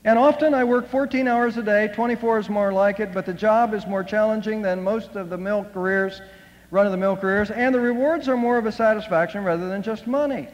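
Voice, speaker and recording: A male pastor voicing a proud, quick-witted young mother in a sermon story, answering cool and self-assured. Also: high voice, highs cut off, lightly acted. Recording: long hall reverb.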